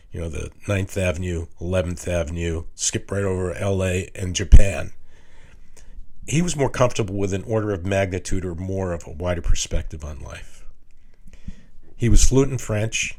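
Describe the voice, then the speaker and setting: An older man giving a casual lecture as a retired architect, telling personal stories in a halting, rambling way with restarts. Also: low voice, a little mellow. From New York City. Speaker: retired architect teaching a class.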